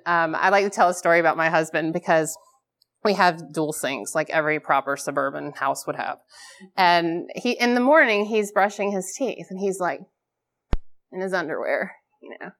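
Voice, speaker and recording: A woman's voice: lowish voice, a bit bright. A woman in her thirties giving a live talk at a conference, candid and self-deprecating, often laughing at herself. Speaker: conference speaker. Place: conference stage before a live audience.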